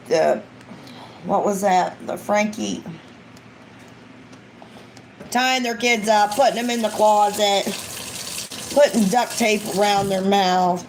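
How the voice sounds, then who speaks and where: A woman's voice: mid-range voice, vocal fry, darkish tone, slight background noise, low-quality recording. A woman, an ASMR vlogger, chatting casually and rambling on a live stream, acting out quoted lines as she goes.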